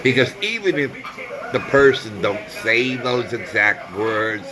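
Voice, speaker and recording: A man's voice: mid-range voice, takes it slowly, a crowd in the background, poor audio. A man talking through a personal grievance in a vlog monologue, earnest and repetitive, sometimes searching for words. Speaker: vlogger.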